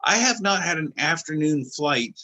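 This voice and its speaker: A bright, slightly high-pitched man chatting on a video call. He talks loudly and teases, in a casual, joking way. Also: animated, moderate pace. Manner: joking, teasing, loud and chatty. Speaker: co-host of an online video call show.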